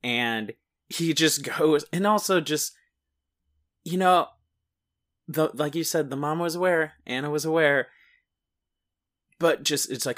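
Man, bright crisp timbre, laid-back film chat, hesitant, casual swearing. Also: a little high, measured pace, long pauses. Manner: easygoing, hesitant with fillers, swears, laughs at himself.

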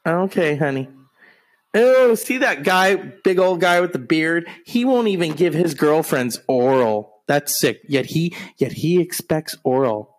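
A fairly high-voiced man riffs sarcastically over a broadcast he is watching at home. He heckles in a crude, mocking way and breaks into theatrical gasps. His delivery is loose and podcast-casual. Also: lively intonation, measured pace. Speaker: podcast host. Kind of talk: mocking running commentary on a TV broadcast.

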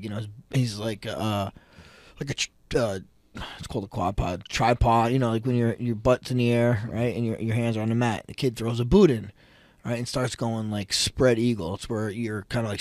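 A man, a wrestling coach hosting a casual chat, telling stories animatedly and acting out quotes with sudden loud outbursts. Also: medium pitch, no room sound. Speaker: podcast host, wrestling coach.

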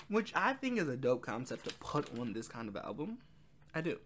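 A man's voice: mid-range voice, sing-song, normal speed, a bit bright, a little hiss or hum. A man casually reviewing an album, rambling with frequent ums and quoting lyrics. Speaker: music reviewer.

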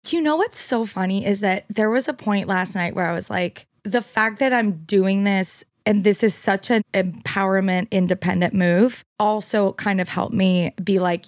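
A woman's voice: medium pitch, no room sound, studio quality. Candid, emotional woman co-host. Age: 30s. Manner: emotional, candid, quick to laugh. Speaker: podcast co-host. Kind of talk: casual chat.

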